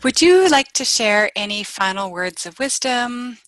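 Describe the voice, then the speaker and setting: A woman's voice: a little high, expressive, measured pace, a bit bright, no room sound, poor audio. A woman hosting an interview, encouraging and affirming as she asks her guest questions. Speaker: interview host. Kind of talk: interview host, supportive.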